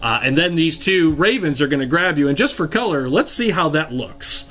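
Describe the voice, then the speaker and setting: A man's voice: a little high, lively intonation, normal speed, a bit bright. A man narrating as game master of a tabletop game, rambling with fillers and restarts.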